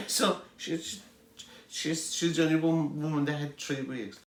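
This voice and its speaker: A man's voice: fairly high pitch, fairly even intonation, measured pace, roomy sound. A middle-aged Irish man telling rambling family anecdotes as an interviewee, chuckling as he goes. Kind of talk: storytelling.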